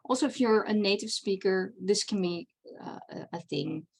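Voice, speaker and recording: A woman's voice: medium pitch, normal speed, vocal fry, slightly rough. Chatty woman presenting a panel. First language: not English. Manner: chatty, many fillers and restarts. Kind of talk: convention panel talk on fan fiction writing.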